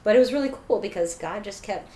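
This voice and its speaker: A middle-aged woman telling her own story as an interview guest, animated, acting out what other people said. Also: medium pitch, quick pace. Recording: echoey room with faint noise.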